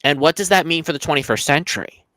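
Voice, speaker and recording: A young man talks through a film on a casual review podcast. His voice is bright and tense, recorded close and dry with no room sound. He restarts sentences often and acts out lines from scenes. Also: a little high, quick pace, no room sound. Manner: rambling, repeats words, acts out quotes. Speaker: podcast co-host.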